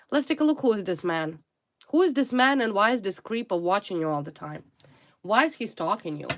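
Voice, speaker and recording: A woman speaking at a mid pitch gives a tarot reading straight to the viewer. She presses hard on her points and circles back to the same blunt words again and again. Her English phrasing has a non-native ring to it. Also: fairly bright tone. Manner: emphatic and repetitive, hammering single words. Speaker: tarot reader.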